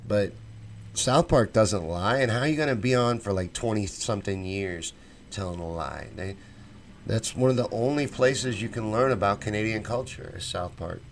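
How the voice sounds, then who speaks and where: A man's voice: fairly low pitch, normal speed, slight background noise. A man hosting a casual live stream, reading viewer comments aloud and answering each one with his own opinions. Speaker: show host reading live chat.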